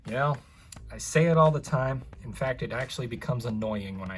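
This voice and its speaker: A young man talks through a toy car review in a loose, rambling way. He keeps drifting into asides and pokes fun at himself. His voice sits at an ordinary middle pitch, with faint music underneath. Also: animated, fairly quick. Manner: chatty, rambling, self-mocking asides. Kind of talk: casual unboxing review.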